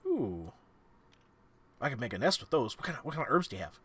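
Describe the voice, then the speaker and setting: A man voicing a nervous, stammering male squirrel that hoards nuts and talks in a hushed, secretive way in a tabletop game. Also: mid-range voice, sing-song, fast talker, breathy edge. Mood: eager.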